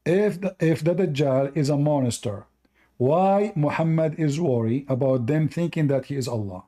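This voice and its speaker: A man's voice: a little high, normal speed, mellow. A man hosting a heated live debate, arguing hard, interrupting and repeating himself, and losing his voice. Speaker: host.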